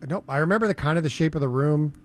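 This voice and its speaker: A man's voice: fairly high pitch, rapid-fire, no room sound. A man co-hosting a talk show, bantering casually with dry jokes. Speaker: radio show co-host.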